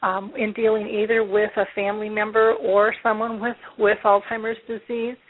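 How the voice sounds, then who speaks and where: A woman's voice: medium pitch, flat delivery, normal speed. Woman, talk show host, chatty, rambling, tinny phone line. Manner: chatty, many fillers, musing aloud. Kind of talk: casual interview.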